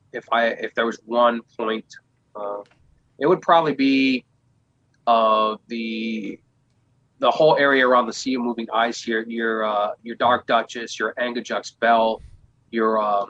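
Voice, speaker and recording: A man chats as a guest game master, with a bright, forceful tone. He stumbles and restarts often, filling pauses. The recording is dry and lo-fi. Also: medium pitch, dry recording. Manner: hesitant, full of fillers and restarts. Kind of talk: casual podcast chat. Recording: dull, dry lo-fi sound.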